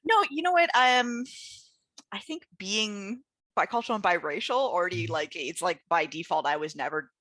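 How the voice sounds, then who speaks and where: A woman's voice: mid-range voice, lively intonation, moderate pace, pushed and bright, no echo. A Canadian woman in her thirties, chatting as an interview guest, laughing often and restarting her sentences. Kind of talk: casual interview chat.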